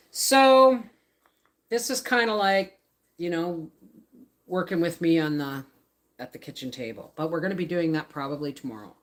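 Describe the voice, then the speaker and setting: A woman's voice: sits low, lively intonation, normal speed. A woman in her fifties from Canada, chatting casually on a home live stream, rambling and answering viewers' comments. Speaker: homestead vlogger hosting a livestream. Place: home, by the laundry baskets.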